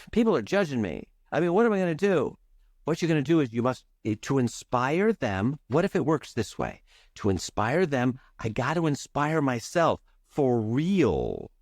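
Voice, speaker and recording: A man, a charisma coach and podcast guest, talking with playful energy and varying his speed and pitch for emphasis. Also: a little mellow, no room sound, clean studio sound. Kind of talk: animated podcast coaching talk.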